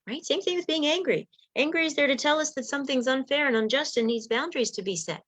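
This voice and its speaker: A woman's voice: sits high, fast talker, hardly any pauses, a bit bright, no room sound. A woman life coach teaching a self-help workshop in an earnest, conversational, encouraging way. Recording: slightly muffled, dull sound.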